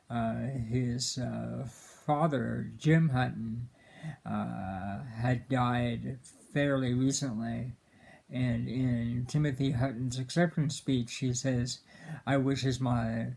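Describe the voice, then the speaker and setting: Guy rambling about a movie he loves, slow and gravelly, lots of ums and uhs. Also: mid-range voice, darkish tone. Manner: halting, many fillers and restarts; earnest and emotional about the film. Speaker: film commentator. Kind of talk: casual film commentary.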